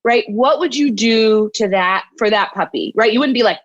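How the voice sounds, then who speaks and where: A woman clinical psychologist speaking as an interview guest, in a voice of ordinary pitch for a woman. She explains her ideas reflectively and acts out short bits of inner dialogue. The recording sounds dull and lo-fi. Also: moderate pace, background noise. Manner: reflective, explains with acted-out self-talk, often adds "right?". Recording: dull lo-fi audio.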